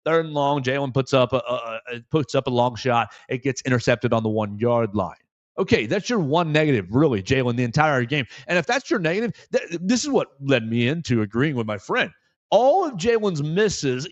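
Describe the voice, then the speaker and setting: A man hosting a sports talk show, giving solo commentary in an animated way and repeating phrases for emphasis. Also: medium pitch, no room sound, muffled recording.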